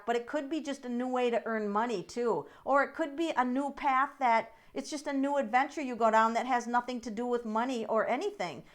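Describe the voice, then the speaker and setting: A middle-aged woman hosting a live tarot reading stream, chatting in an encouraging way and addressing viewers by name. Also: sits high. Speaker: tarot reader and livestream host.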